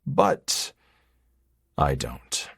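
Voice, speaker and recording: A man narrating a romance audiobook in the first person, with a low, intimate, measured delivery. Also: fairly bright tone, no room sound, clean studio sound.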